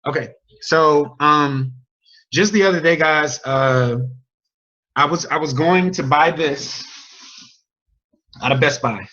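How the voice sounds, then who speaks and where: Male team coach, energetic storyteller, slightly high voice, muffled video call audio. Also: slow, pauses often. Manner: energetic, chatty, sports metaphors and crowd questions. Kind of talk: motivational storytelling to a group.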